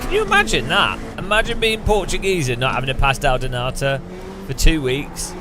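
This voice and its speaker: A man's voice: mid-range voice, normal speed, over music. An English man streaming a racing game, chatting casually in a joking, sarcastic way and laughing often. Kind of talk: casual chat while sim racing.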